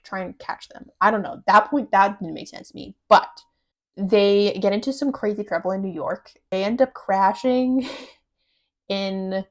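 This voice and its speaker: Chatty young woman ranking movies. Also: medium pitch. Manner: chatty, animated, laughing storyteller. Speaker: podcast host. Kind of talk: casual movie-ranking chat.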